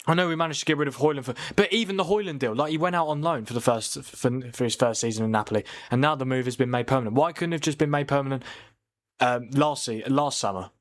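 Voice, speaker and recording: A man's voice: mid-range voice, quick pace. Chatty man streaming a match. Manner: chatty, reads viewer comments aloud, laughs often. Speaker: football watchalong streamer. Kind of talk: casual live-stream commentary.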